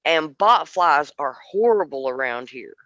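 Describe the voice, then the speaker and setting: A woman co-hosting a casual podcast chat, animated and laughing often, with restarts as she thinks aloud. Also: sits low, unhurried, no echo, lo-fi sound. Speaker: podcast co-host.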